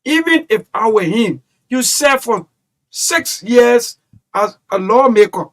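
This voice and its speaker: Male radio host, high-pitched, emphatic and chatty with callers. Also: unhurried. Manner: animated, emphatic, rambling. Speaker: radio talk show host. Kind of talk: call-in radio talk.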